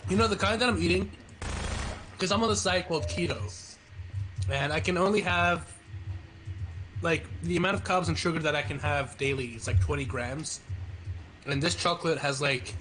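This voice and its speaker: A man's voice: on the high side, normal speed, long pauses. A man streaming a game, chatting casually with friends, stammering and rambling as he jokes around. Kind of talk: casual chat. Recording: faint background noise.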